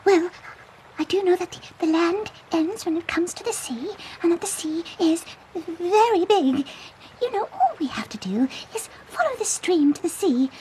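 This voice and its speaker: Nervous little fish for a kids' story, woman voicing, high and lively. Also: a little hiss or hum, low-quality recording. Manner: quick, nervous.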